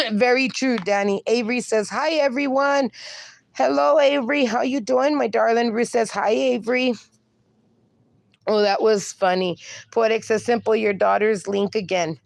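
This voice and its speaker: A woman's voice: fairly high pitch, vocal fry, no room sound. A woman hosting a casual livestream, reading viewers' comments aloud and laughing often between them. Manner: laughs often, reads chat messages aloud; talks sweetly to her dog. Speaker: livestream host.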